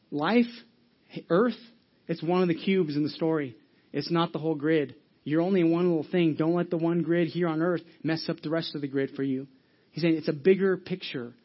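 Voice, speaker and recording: A man preaching a sermon as pastor, earnest and animated, asking the congregation rhetorical questions. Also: on the high side, highs cut off.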